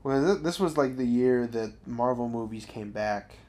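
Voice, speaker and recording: A man's voice: medium pitch, normal speed, darkish tone. Easygoing man hosting a comedy podcast. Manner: easygoing, laughs often, many ums. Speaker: podcast host. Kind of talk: casual comedic banter.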